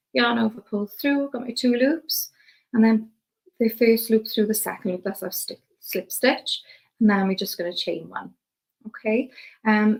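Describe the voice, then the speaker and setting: Casting note: young Welsh woman, craft tutor, slightly high voice with some gravel, chatty step-by-step demonstration. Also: low-quality recording. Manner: relaxed, chatty, talks while working with hands. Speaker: crochet teacher.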